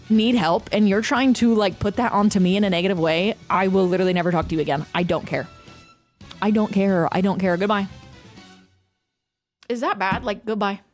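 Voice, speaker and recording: Animated woman streamer ranting. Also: mid-range voice. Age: 30s. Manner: ranting, profane, animated storytelling. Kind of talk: casual live-stream chat.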